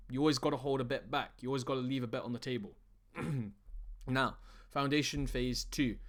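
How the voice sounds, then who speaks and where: A man's voice: medium pitch, fairly bright tone. A young man presenting as a dating coach in an online lesson, talking bluntly with heavy profanity and calling his viewers guys and bro.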